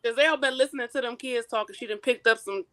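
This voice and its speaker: A woman's voice: a little high, quick pace, a crowd in the background. A woman calling into a live show, chatting in a playful, gossipy way. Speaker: caller. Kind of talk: casual call-in chat.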